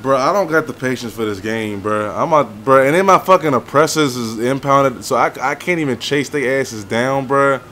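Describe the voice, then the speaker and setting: A young man swearing and venting through gameplay commentary, with loud outbursts that sink into low, weary muttering. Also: moderate pace, few pauses, a little hiss or hum. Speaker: gaming YouTuber.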